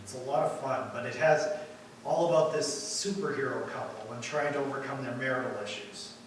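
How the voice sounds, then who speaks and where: A man preaching a sermon as pastor, emphatic, rising to loud points and dropping quiet again. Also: medium pitch, fairly quick, noisy background. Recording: echoey hall from far off.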